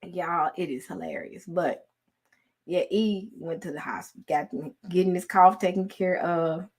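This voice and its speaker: A woman, telling a story in casual chat with her followers, laughing often and swinging from loud to hushed. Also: lowish voice, moderate pace. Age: 40s. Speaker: online host talking to followers.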